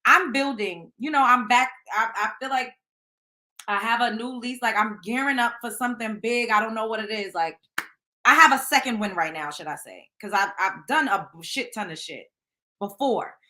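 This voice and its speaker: Woman, show host, casual gossip commentary, blunt and profane, bright tone, higher pitch. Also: moderate pace. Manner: blunt, profane, talks straight to listeners.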